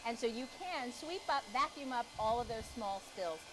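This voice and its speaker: A woman hosting a live shopping broadcast, chatting with callers in a bright, reassuring sales manner. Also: on the high side, animated, normal speed, background noise. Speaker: shopping channel host.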